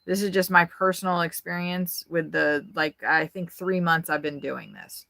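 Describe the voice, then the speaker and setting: A woman's voice: on the low side, moderate pace, vocal fry, pushed and bright, no room sound. A woman vlogger giving a rambling, frank tour of her RV, chatting casually and swearing freely. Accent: Midwestern American. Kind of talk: casual chat. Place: inside an RV.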